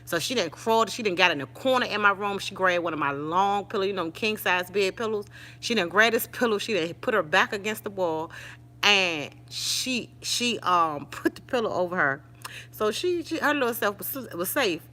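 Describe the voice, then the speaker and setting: Animated older woman telling a story live. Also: medium pitch, normal speed. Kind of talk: casual live-stream storytelling.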